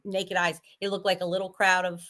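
Lady on a podcast panel, bright voice, rambly halting story, keeps restarting. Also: fairly low pitch, level tone. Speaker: panel guest. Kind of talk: casual podcast chat.

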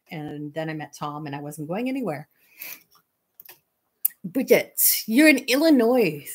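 A woman's voice: on the high side, expressive, measured pace. A Canadian woman hosting a fiber arts livestream, chatting casually with viewers in a rambling way and laughing often. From Manitoba, Canada.

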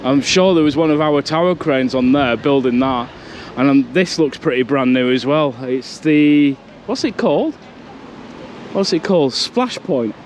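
Vlogging a walk along a seaside promenade, a man chats casually and rambles a bit, laughing easily. He speaks unhurriedly in a medium-pitched voice with few pauses. The clip was recorded outdoors on a handheld action camera and carries a little hiss or hum.

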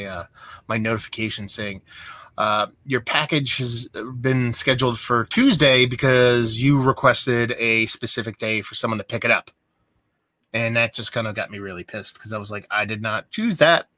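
A man's voice: mid-range voice, bright, forceful tone, no echo. A young adult man telling a rambling, exasperated story in a casual vlog. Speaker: beer vlogger.

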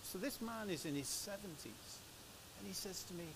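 Give me an English preacher at a church microphone, sharing stories in a relaxed, anecdotal way. His voice sits a little high for a man. A steady hiss runs under the recording. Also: normal speed, gravelly. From England. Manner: chatty, anecdotal storytelling. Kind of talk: sermon with personal stories.

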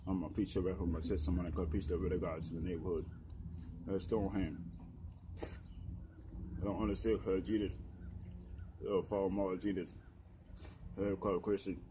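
A man giving a halting, rambling preaching testimony as a self-described preacher, full of fillers and repeated phrases. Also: sits low, background noise. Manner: halting, filler-heavy, repetitive. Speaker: street preacher.

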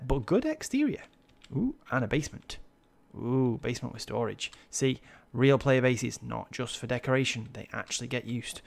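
A man with a gravelly, mid-pitched voice talks through a video game tour in a relaxed, chatty way. He admires what he sees and fills pauses with ums and uhs. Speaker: Minecraft server tour host. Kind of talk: casual gameplay commentary.

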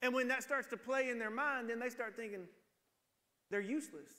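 His very high-pitched, sharp voice moves at normal speed as this pastor in his forties preaches. He leans on humorous stories and acts out voices, and the sound reflects the large hall of the church sanctuary.

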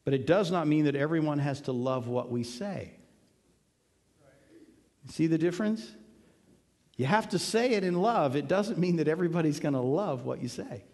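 A man's voice: a little high, lively intonation, moderate pace, pauses often, a little mellow. Man preaching in an echoing church. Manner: earnest, conversational preaching with emphatic repetition. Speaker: pastor. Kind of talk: sermon. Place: church sanctuary. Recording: long hall reverb.

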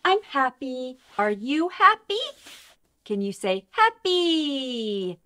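A woman hosting a toddler show, gentle and sing-song with exaggerated wonder, talking to a cartoon snowman. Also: high voice, very animated, slow. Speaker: children's show host. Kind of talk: children's show presenting. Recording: music under voice.

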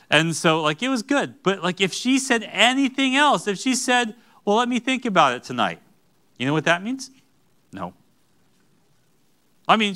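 Pastor, male, preaching in church; crisp, bright voice, earnest and emphatic. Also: fairly high pitch. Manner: earnest, rising to emphatic bursts. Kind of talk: sermon.

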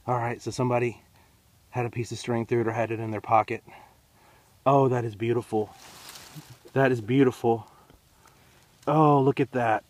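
A man narrating a metal detecting find outdoors into a handheld camera, shaky and hushed and repeating himself in disbelief. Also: mid-range voice, fairly even intonation, moderate pace, long pauses, dry recording. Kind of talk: excited outdoor vlog narration. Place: outdoors at a dig site.

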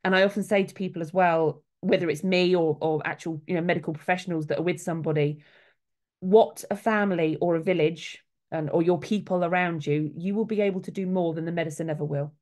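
A woman's voice: fairly low pitch, fairly even intonation, a little fast, darkish tone. A middle-aged woman, a soul midwife, talking casually and earnestly, with quoted voices acted out along the way. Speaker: soul midwife, guest speaker.

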